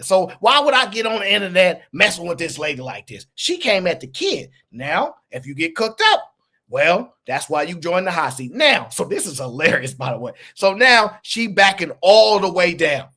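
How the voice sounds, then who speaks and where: Fast-talking, high-voiced young man ranting. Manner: animated, mocking, repeats himself, calls people sir. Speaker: live stream host. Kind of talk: heated commentary to a live chat.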